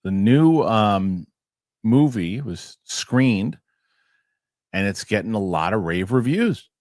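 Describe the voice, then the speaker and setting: A man's voice: fairly low pitch, animated, slow pace, darkish tone, dry recording, clean studio sound. A man hosting a casual podcast chat, jokey and rambling. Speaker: host. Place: New York studio.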